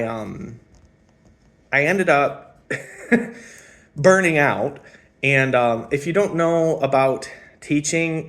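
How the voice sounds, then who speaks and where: Guy in his 30s rambling thru his backstory, lots of ums, mid-pitched easy voice, kinda reflective. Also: a bit bright. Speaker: spiritual channeler and former music teacher. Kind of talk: casual personal storytelling.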